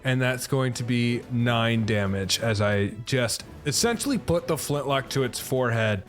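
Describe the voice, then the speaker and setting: A man playing a tabletop game, describing his character's actions quickly and playfully. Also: mid-range voice, lively intonation, soft background music. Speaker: player.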